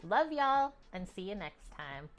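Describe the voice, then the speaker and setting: A woman's voice: mid-range voice, very animated, measured pace, faint music behind. A woman from Canada hosting a cooking livestream from her home kitchen, talking in a loose, chatty way with lots of filler words. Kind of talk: casual stream chat.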